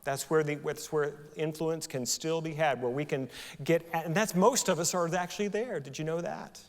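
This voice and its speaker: A man's voice: on the high side, moderate pace, in a large hall. A male pastor preaching a sermon in a conversational style, often asking the congregation rhetorical questions. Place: church sanctuary.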